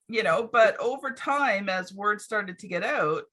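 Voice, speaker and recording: A woman's voice: medium pitch, lively intonation, measured pace, few pauses, a bit bright. A woman hosting a podcast, chatting casually and reflectively with plenty of fillers. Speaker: podcast host. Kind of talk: casual chat.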